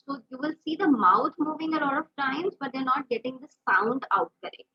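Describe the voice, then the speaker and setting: A woman's voice: high-pitched, a little fast, few pauses, muffled recording. A woman speech therapist with an Indian English accent, explaining a speech disorder with examples and frequent fillers. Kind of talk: explanatory lesson.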